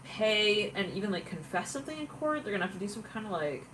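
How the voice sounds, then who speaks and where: A woman's voice: mid-range voice, very animated, fast, a bit bright, a little hiss or hum, poor audio. A woman giving a casual, rambling tarot reading, talking in a chatty way with lots of fillers and frequent laughter. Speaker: tarot reader.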